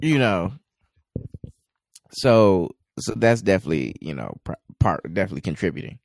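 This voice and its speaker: A man's voice: deep voice, big pitch swings, moderate pace, creaky, no echo, clean studio sound. A man co-hosting a podcast, casually recapping an episode with a rambling delivery full of filler words. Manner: rambling, many "you know" fillers. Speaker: podcast co-host.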